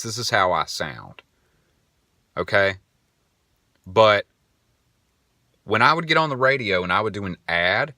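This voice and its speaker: A man's voice: lowish voice, pushed and bright, no room sound, studio quality. A man in his twenties hosting a podcast, telling a rambling story in a casual monologue. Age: 20s. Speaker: podcast host.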